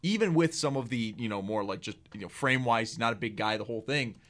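A man's voice: medium pitch, lively intonation, a bit bright. A man co-hosting a football draft show, talking casually and with strong opinions, often restarting his sentences. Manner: quick, opinionated, restarts a lot. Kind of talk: casual sports talk.

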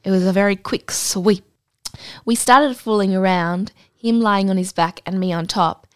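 A woman with a mid-range voice co-hosts a podcast, reading a listener's story aloud with a dry, deadpan delivery. Her asides come out just as blunt. The recording is close and dry, with no room sound. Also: medium pitch, normal speed, clean tone, no echo. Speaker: podcast co-host.

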